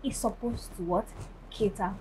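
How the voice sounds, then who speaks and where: A woman's voice: mid-range voice, moderate pace, darkish tone, a little hiss or hum, poor audio. A woman speaking as a guest in a casual chat, emphatic and checking in with her listener often. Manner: emphatic, repeats "right?" and "do you get?".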